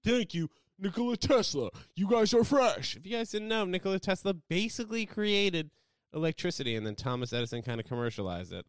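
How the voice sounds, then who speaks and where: Animated young American man chatting. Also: fast talker, clean tone, dry recording, studio quality. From United States. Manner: animated, swings between loud outbursts and low mumbles. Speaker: livestreamer. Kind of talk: casual rambling livestream chat.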